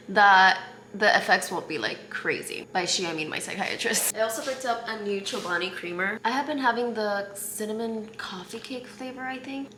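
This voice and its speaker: A young woman in her twenties chatting candidly in a casual vlog at home, laughing easily. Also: medium pitch. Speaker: vlogger. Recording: echoey room with loud ambient noise.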